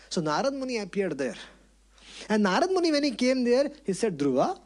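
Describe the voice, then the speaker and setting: A male preacher telling a scripture story in an animated way, asking the audience rhetorical questions. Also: high-pitched.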